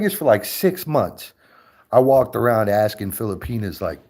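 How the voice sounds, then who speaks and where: A man hosting a casual livestream chat, profane and animated, breaking into laughter often. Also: on the low side, normal speed. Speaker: streamer host.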